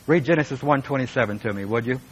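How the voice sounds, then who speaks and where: A man's voice: mid-range voice, fast talker, low-quality recording. Earnest male pastor preaching. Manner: earnest, emphatic preaching with asides to the congregation. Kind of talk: sermon.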